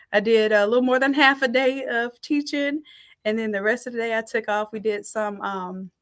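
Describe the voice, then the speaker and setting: A middle-aged woman teaching a design class on a live stream, reading out the chat and warmly thanking people by name. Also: a little high. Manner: warm, effusive thanks and shout-outs.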